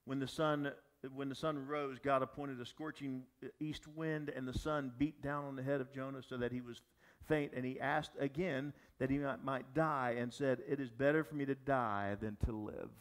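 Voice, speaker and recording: A man's voice: medium pitch, steady tone, moderate pace. A man preaching a sermon as pastor, talking animatedly with frequent restarts and asides to the audience. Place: church or gathering space for young adults.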